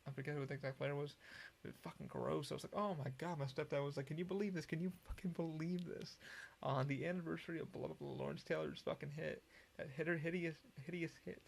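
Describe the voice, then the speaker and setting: A man's voice: on the high side, fairly even intonation, quick pace, vocal fry. A man hosting a solo podcast, rambling casually with lots of profanity and frequent restarts. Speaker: podcast host.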